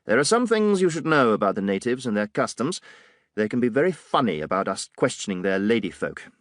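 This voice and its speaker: A man's voice: mid-range voice, big pitch swings, a little fast, no room sound, clean studio sound, close to an everyday voice. A man voicing a pompous, condescending colonial police officer in an audiobook, with a drawling, superior manner.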